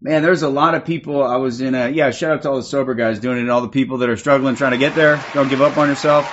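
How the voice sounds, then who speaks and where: A man's voice: mid-range voice, steady tone, fast talker. A man livestreaming, telling a rambling story to his chat, swearing a lot and laughing often. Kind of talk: casual storytelling to a live chat. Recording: dull lo-fi stream audio with faint crowd.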